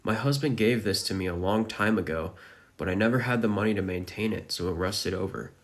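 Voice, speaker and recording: A man voicing a kind, gentle pregnant slave woman in a manga recap. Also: on the low side, fairly quick, lightly acted. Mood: wistful.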